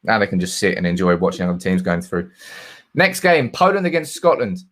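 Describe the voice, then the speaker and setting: A man's voice: low-pitched, big pitch swings, fairly quick, fairly bright tone. A man hosting a live football stream, chatting casually and reading out viewers' comments. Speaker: football channel host.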